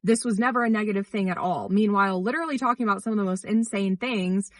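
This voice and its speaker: A woman's voice: mid-range voice, fast talker, no echo. A woman commentator giving pointed, incredulous critical commentary on a creator's behavior. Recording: dry, slightly distant mic.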